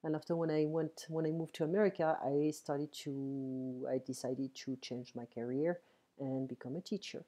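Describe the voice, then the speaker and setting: A woman's voice: sits low, fairly even intonation, dark tone. French-accented woman tutoring French online. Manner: explains slowly, switching between French and English, with frequent "ok". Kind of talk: casual one-on-one French lesson. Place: home. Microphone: computer mic on an online call.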